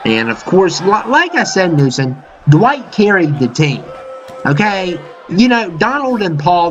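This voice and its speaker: A man doing casual, excitable play-by-play commentary over a wrestling video game, full of fillers and "uh-oh" exclamations. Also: fairly high pitch. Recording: dull lo-fi mic with game crowd and noise behind. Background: video game arena crowd noise.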